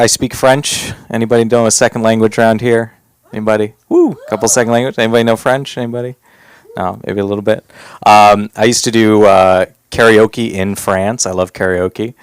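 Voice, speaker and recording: A man's voice: fairly even intonation, moderate pace, clear, resonant tone, dry recording. Rambling young man doing stand-up. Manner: rambling with fillers, jumps to loud high bits. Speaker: stand-up comedian. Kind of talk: stand-up comedy set. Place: comedy club stage.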